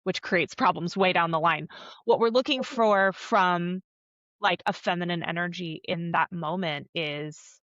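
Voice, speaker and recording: A woman somatic coach, a podcast guest, explaining calmly and earnestly in an interview. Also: fairly low pitch, measured pace, no echo, lo-fi sound. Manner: earnest, coaching, acts out little quoted voices.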